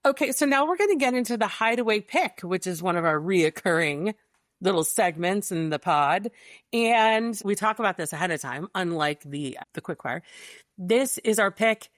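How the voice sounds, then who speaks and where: A woman co-hosting a podcast in casual chat, chatty and quick to laugh, with a dry close sound. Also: medium pitch, animated, no echo. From Michigan, USA. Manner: chatty, laughs often, quick-fire questions. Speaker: podcast co-host.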